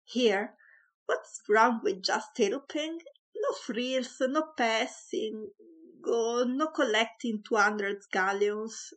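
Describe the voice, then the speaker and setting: A woman reading aloud puts on a breathless young woman giddy with love, her voice lifting high and loud as she gushes. The exclamations tumble out in a storybook rush. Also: takes it slowly. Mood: worried.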